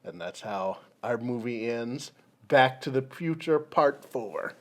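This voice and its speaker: A man co-hosting a comedy podcast, rambling as he pitches a movie plot and acts out its lines. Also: expressive. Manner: rambling, acts out lines in quick put-on voices. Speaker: podcast co-host. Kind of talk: casual comedy chat.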